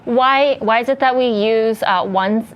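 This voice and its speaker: A woman's voice: a little high, measured pace, clear, resonant tone. A woman co-hosting a live coding lesson, hesitant and relaying viewer questions. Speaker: co-host.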